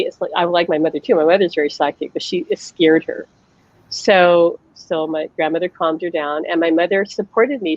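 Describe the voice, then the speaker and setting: A woman who works as a psychic medium hosts a live online chat over a video call, her voice on the low side. The lo-fi audio has no room sound. She chats casually through personal stories, acting out the voices she quotes and saying "like" a lot.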